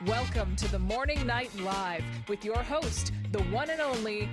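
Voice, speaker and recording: A woman's voice: on the high side, measured pace. A woman announcing a show's opening in a grand, showy way. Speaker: show intro announcer. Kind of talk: announcer intro over music. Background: loud music.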